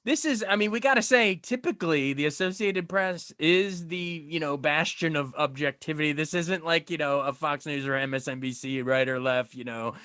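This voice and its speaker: An entertainment reporter hosting a podcast interview, enthusiastic and quick to laugh. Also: male voice, on the high side, pushed and bright, clean tone, dry recording, clean studio sound. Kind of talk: casual interview.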